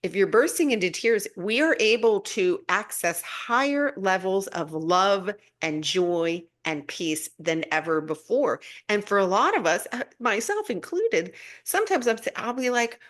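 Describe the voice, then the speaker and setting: A middle-aged woman hosts a spiritual live stream, talking a little slowly with few pauses as she chats casually and answers viewer comments. She's warm and gushing, breaking into excited, high-pitched asides.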